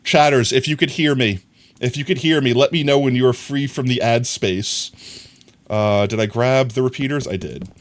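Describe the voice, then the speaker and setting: A young adult man livestreaming, chatting casually and teasingly with his viewers while he plays a game. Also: moderate pace. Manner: playful and teasing, talks straight to chat; animated, rising pitch swings.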